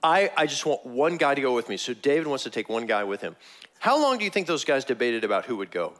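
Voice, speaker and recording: A man preaching a sermon, telling the story with animated energy and frequent laughs. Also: mid-range voice, fast. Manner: animated storytelling, laughs often, acts out quotes. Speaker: pastor.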